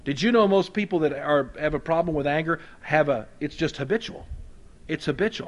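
Delivering a sermon as a Baptist pastor, he sounds conversational and homespun, adding humorous asides and alternating between booming emphasis and soft quiet. He pitches on the high side and talks a little fast.

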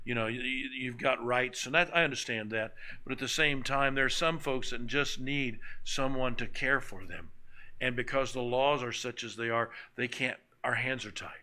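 A man's voice: mid-range voice, fairly even intonation, normal speed, sharp tone, poor audio. A man preaching a sermon in a church, speaking conversationally with anecdotes and repeated phrases. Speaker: pastor. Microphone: microphone on a stand.

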